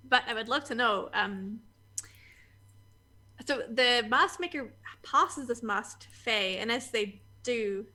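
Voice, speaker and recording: A woman's voice: on the high side, takes it slowly, pushed and bright. Woman narrating as game master. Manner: descriptive, many fillers.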